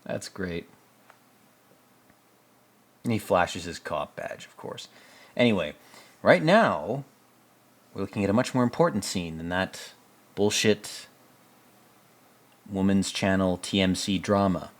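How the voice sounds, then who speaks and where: A man's voice: sits low, lively intonation, takes it slowly, pauses often. A man giving casual commentary on a TV episode, sarcastic, profane and rambling. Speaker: show commentator.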